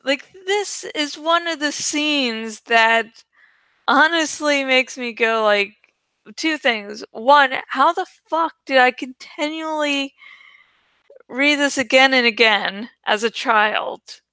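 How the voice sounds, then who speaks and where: A woman with a high, bright voice reading a novel aloud at an easy, slow pace. She stumbles and restarts lines as she goes, with a dry, close recording and no room sound. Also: clear, resonant tone, no room sound. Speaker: book reader.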